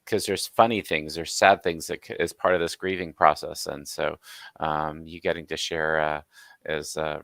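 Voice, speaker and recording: A man co-hosting a talk show, speaking in halting, supportive remarks. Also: sits low, vocal fry, fairly bright tone, no echo. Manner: brief supportive backchannels, halting speech. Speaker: co-host.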